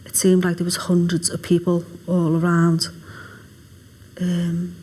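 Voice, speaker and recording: A woman, a grieving mother, recalling events quietly in a documentary interview. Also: lowish voice, monotone, a little slow, slightly rough. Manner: quiet, hushed recollection, drops to a whisper at times. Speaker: mother of the victim.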